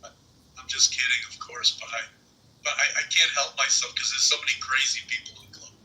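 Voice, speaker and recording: A man's voice: medium pitch, little pitch movement, fairly quick, pushed and bright, distant mic, low-quality recording. A man from California in a casual political chat, joking in a provocative way.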